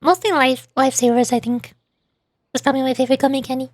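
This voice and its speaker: High-voiced, quick-talking woman streamer. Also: no room sound. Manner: talks fast when excited, giggly. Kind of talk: casual livestream chat.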